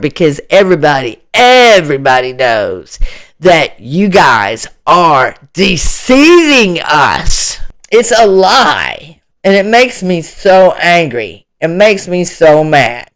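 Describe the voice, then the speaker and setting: Slow, indignant ranting commentator. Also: mid-range voice, fairly bright tone. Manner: indignant, ranting, full of rhetorical questions; repeats phrases for emphasis. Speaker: online commentator. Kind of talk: solo opinion monologue.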